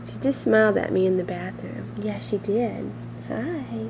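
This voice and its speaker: A mother filming her newborn at home and talking to her in gentle, sing-song baby talk. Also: medium pitch, unhurried, vocal fry, background noise. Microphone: handheld camcorder.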